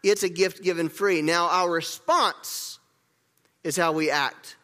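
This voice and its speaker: A man delivers a sermon in a high, bright voice, repeating key words and getting his congregation to join in. The sound carries a long reverb from the church hall around him. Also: slow pace. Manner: lively, repeats key words, leads the congregation in gestures and call-and-response. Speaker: pastor.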